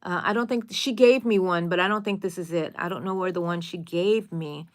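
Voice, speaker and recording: A woman's voice: on the low side, a little fast. Middle-aged woman, casual live-stream host, chatty, answers viewers. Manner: chatty, reads viewer comments aloud. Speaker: crochet channel host.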